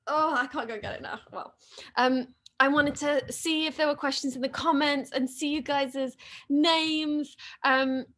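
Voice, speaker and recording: A woman casually chatting with fans on a livestream from her home, excitable and reading comments aloud. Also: high-pitched, unhurried. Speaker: actress hosting a fan livestream. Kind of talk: casual live-stream chat reading comments. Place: living room at home.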